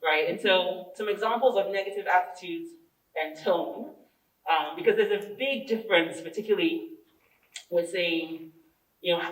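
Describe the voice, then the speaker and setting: A woman presenting a training workshop, a lively storyteller who acts out dialogue and asks her audience questions. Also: on the low side, moderate pace. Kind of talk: interactive training workshop talk. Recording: echoey room, far from the mic.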